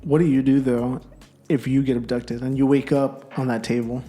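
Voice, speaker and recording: Twenties dude chatting easy, mid pitch, echoey room. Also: male voice, level tone, normal speed, dark tone. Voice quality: easygoing, agreeable, filler-heavy. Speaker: podcast co-host. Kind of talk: casual chat. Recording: roomy, faint music.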